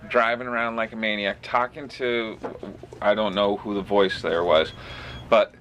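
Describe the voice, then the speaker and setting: A man's voice: fairly low pitch, steady tone, moderate pace, a bit bright, a little hiss or hum. A man co-hosting a casual pop culture chat and teasing the others. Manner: teasing, joking banter. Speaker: podcast co-host.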